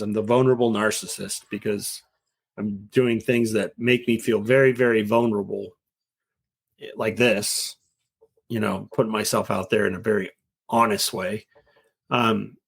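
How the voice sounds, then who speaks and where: A middle-aged man as an interview guest, talking in an earnest, rambling way and now and then acting out quoted voices. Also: medium pitch. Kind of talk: casual conversation.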